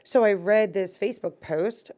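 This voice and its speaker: A middle-aged woman co-hosting a parenting podcast in casual chat, chatty and quick to laugh. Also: mid-range voice, dark tone. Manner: chatty, laughing, quotes people in voices. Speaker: podcast co-host.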